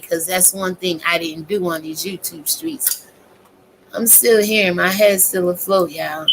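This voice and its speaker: A woman giving a casual, profane, animated rant as a YouTube commentator, talking straight to her viewers. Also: mid-range voice, a little hiss or hum.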